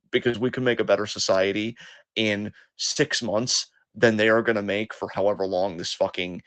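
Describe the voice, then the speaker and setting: A man co-hosting a podcast, talking in a fairly low voice. He rants with passion and heavy swearing, mixing anger with self-deprecation. The sound is dry and close, with no room echo. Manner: impassioned, profane ranting. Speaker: podcast co-host. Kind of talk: casual podcast monologue.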